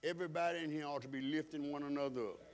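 A man's voice: fairly high pitch, steady tone, rapid-fire. A male pastor preaching a sermon in an emphatic style, repeating phrases for stress.

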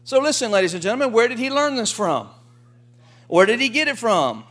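A man with a high voice preaches a sermon in a lively, folksy style. He keeps the tone conversational and acts out quotes along the way. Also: fairly quick. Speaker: pastor.

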